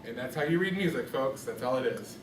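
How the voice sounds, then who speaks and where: A man with a mid-range, animated voice talks fairly quickly while teaching music, patiently questioning students by name. The classroom is echoey, and the distant recording carries background noise.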